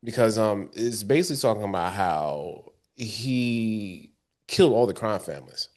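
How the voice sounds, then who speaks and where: A man in casual chat, halting and excitable, with slangy interjections. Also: on the low side. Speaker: podcast co-host.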